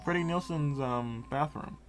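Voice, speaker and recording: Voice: mid-range voice, measured pace, soft background music. A let's-play gamer giving casual, jokey, giggly commentary while playing. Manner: giggly, jokey, reacts aloud.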